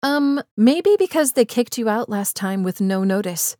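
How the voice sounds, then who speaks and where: A woman's voice: a little high, lively intonation, a little slow, dark tone, no echo, clean studio sound. A woman voicing a frustrated young woman confronting her boyfriend, pointed and rising to anger. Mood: exasperated.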